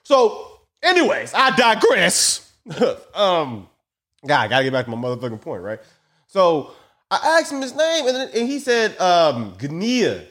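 A man's voice: sits high, wildly swooping pitch, a little slow, a bit bright. A man hosting a podcast, telling a rambling, profane, joking story into a phone mic. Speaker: podcast host. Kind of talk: casual storytelling monologue.

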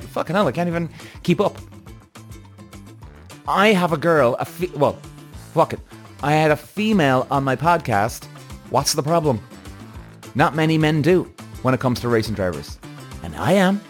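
A man hosting his own podcast, ranting bluntly and heatedly, swearing often and correcting himself as he goes. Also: mid-range voice. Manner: restless, self-correcting. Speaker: podcast host. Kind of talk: solo podcast rant.

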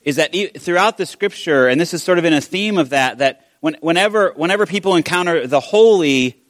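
A man giving a conversational sermon, telling the story in a casual, animated way with frequent restarts. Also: a little high, brisk, dry recording. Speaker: pastor.

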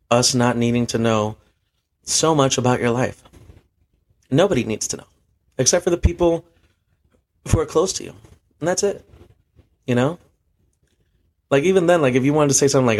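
A man's voice: mid-range voice, darkish tone. A young man, a bartender and podcast host, telling a rambling story in casual, profane chat and laughing at himself.

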